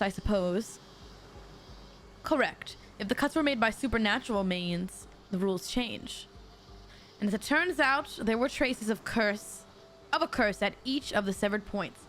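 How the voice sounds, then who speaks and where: A woman streaming a mystery game, reading the dialogue aloud and breaking off into excitable, jokey asides to her chat. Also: mid-range voice, unhurried, faint music behind. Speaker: VTuber streamer.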